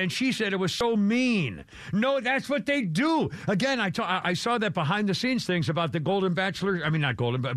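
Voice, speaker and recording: A man's voice: on the high side, a bit bright, no echo. An older man hosting a talk radio show, rambling through gossip with wry, self-deprecating humor. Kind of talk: casual talk radio chat.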